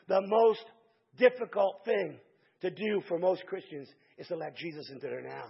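A man preaches with a high, gravelly voice, calling out to his listeners and building to shouted peaks. His tone is husky. The recording sounds dull and lo-fi. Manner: calls out to the congregation, builds to shouted climaxes. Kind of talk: sermon.

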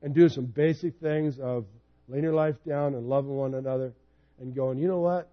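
A pastor in his fifties preaches a sermon conversationally, weaving in personal stories and growing animated as he retells them. His mid-range voice moves at normal speed, and the recording sounds muffled.

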